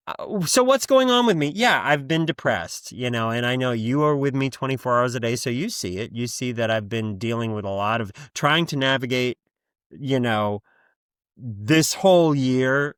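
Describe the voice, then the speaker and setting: A man's voice: mid-range voice, a bit bright, no echo. Guy hosting his podcast, rambling and swearing a lot, voice jumps all over, dry close sound. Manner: rambling, blunt, profane. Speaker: podcast host. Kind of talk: casual monologue.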